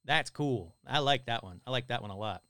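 A man's voice: mid-range voice, brisk, dry recording, studio quality. A man hosting a live stream, reading listener stories aloud and cracking jokes between them. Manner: animated, joking asides between stories.

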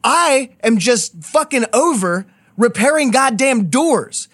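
A man hosting a comedy show, complaining in quick, exasperated, cursing banter. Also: very high voice, expressive, a bit bright. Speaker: podcast host.

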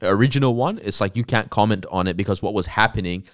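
A young man co-hosting a casual podcast chat, rambling with lots of filler words and slang. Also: lowish voice. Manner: rapid, rambling, lots of "like" and "bro". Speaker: podcast co-host.

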